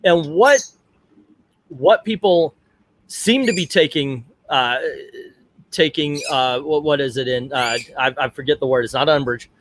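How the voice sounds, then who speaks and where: Middle-aged male streamer, a touch higher pitched, casual and digressive commentary. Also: measured pace, fairly bright tone. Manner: chatty and digressive, talks aside to family. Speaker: livestream host.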